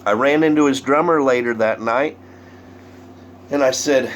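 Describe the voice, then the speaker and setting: A man tells a story in an animated way, acting out each quote. His voice sits in the middle range and sometimes drops to a whisper. A faint hum runs underneath. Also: mid-range voice, a little slow, long pauses. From Southern United States. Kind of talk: spoken story performance.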